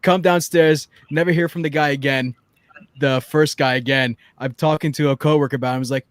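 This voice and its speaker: A man co-hosting a casual chat, telling lively stories and acting out the people in them. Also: a little high, a little fast, no echo. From New Jersey. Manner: animated storyteller, acts out quotes, laughs a lot. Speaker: podcast co-host.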